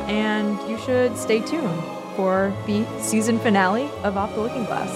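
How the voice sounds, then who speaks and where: A woman's voice: mid-range voice, fairly even intonation, unhurried, over loud music. A woman co-hosting a podcast, joking in a wry, upbeat, casual way. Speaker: podcast co-host.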